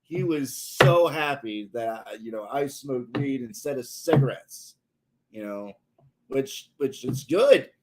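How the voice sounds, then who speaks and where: A man in his twenties telling a story on a casual livestream, halting and full of pauses and filler words. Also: mid-range voice, lively intonation, very noisy. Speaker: streamer.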